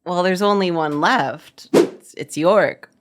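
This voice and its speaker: A woman playing her character in an improvised tabletop role-play, unhurried and giggly. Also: fairly low pitch, background noise. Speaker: player.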